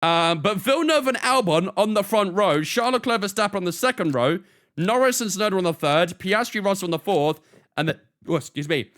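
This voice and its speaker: A man's voice: high voice, expressive, fairly quick, a bit bright. A man streaming a racing game, chatting casually with his viewers. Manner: chatty, talks to chat, often laughs off.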